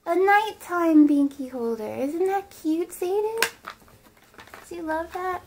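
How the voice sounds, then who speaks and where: A young woman with a Midwest American accent, chatting excitedly as she opens fan mail for her vlog and talks to her dolls. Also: extremely high pitch, slow pace. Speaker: vlogger opening fan mail. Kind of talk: casual vlog unboxing.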